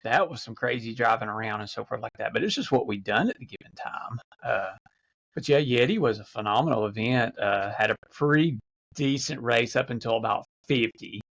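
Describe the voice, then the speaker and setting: A man's voice: medium pitch, a little fast, gravelly, fairly bright tone, rough recording. A man, a podcast guest, telling stories in a rambling casual way, with many fillers and restarts. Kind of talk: casual storytelling.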